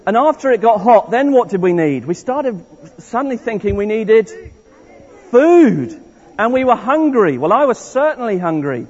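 Playful high-voiced man in a church. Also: expressive, normal speed. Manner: playful, encouraging, restarts often. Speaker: church leader running an interactive all-age service. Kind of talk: interactive storytelling with a congregation. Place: large church hall. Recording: dull echoey church recording from afar.

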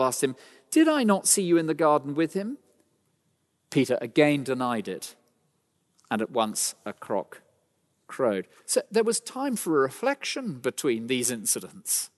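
A man preaching a sermon, emphatic and rhetorical, with dramatic pauses. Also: mid-range voice. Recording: long hall reverb.

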